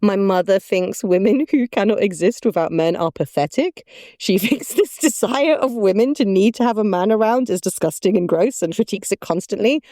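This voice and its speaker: Animated woman laughing through her stories. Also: mid-range voice, normal speed, no echo, studio quality. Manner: animated storyteller, laughing often. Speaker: podcast co-host. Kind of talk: casual conversational chat.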